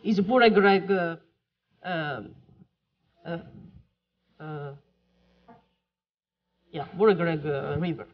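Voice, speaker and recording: A woman from Morocco with a French-tinged accent, giving a chatty, joking keynote talk over slides, with some fillers. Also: on the low side. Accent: Moroccan French-accented English. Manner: chatty, jokey, pauses with fillers. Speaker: keynote speaker. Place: lecture hall. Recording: muffled lo-fi talk recording.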